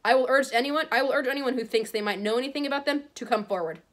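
A woman's voice: high voice, fast, voice pushed up, natural voice. A woman reading a stern, formal older professor. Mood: grave. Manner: firm, formal announcements.

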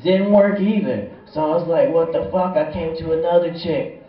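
A young man with a higher-pitched voice runs through a stand-up set on a small bar or club stage, talking at a moderate pace. His delivery is rambling, profane and laid-back like a stoner's. The room echoes, and he sounds far from the mic in dull, lo-fi audio.

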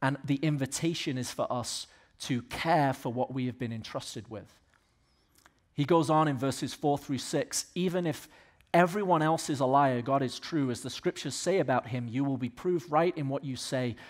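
A man from the American South preaching a sermon as pastor of a church, swinging between loud exhortation and quiet, earnest asides. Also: medium pitch, normal speed. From Southern United States.

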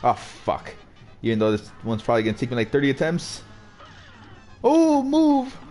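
A young man streaming a game, swearing a lot and joking excitably as he plays. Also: medium pitch, fast talker. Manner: profane, excitable, jokey. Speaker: gaming streamer. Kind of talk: live gameplay commentary. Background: faint game music.

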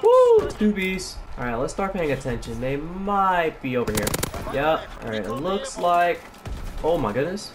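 A man hosting his gaming channel, commenting live on his shooter match in an excitable, slangy way. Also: fairly high pitch, moderate pace, noisy background. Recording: game gunfire behind voice. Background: gunfire and game sounds.

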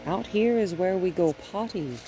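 Low-voiced woman coaching dog owners. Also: moderate pace, mellow, faint music behind. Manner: chatty, explains step by step, often adds "right?". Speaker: dog trainer. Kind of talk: casual training demonstration. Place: at home and in the yard with her dogs.

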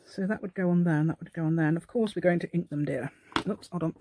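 Talking quickly in a lowish voice over background noise, a middle-aged crafting channel host works through a project. She rambles and chats to herself, putting on a playful posh telephone voice.

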